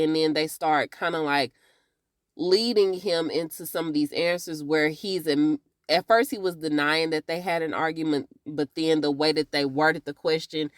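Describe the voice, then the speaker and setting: A woman's voice: deep voice, no echo, studio quality. A woman giving a casual, chatty TV episode recap, talking straight to her viewers. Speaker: TV recap reviewer.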